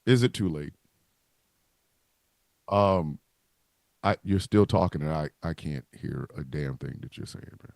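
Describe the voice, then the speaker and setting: A man's voice: a bass voice, measured pace, vocal fry, pauses often, dry recording. A man co-hosting a wrestling talk livestream, joking and cursing in casual banter over a video call. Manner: profane, joking, animated.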